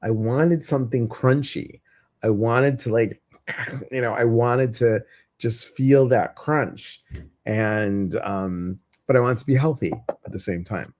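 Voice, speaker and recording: A man's voice: medium pitch, slow pace, darkish tone. A man hosting a meditation group, talking casually and rambling with many fillers. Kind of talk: casual chat to a live audience.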